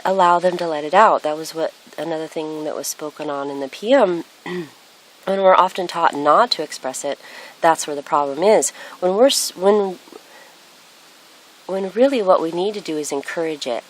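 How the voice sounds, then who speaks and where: Low-voiced woman musing earnestly. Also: moderate pace, low-quality recording. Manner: reflective, earnest, many fillers and restarts. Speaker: spiritual speaker. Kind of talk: casual spiritual monologue. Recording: faint hiss.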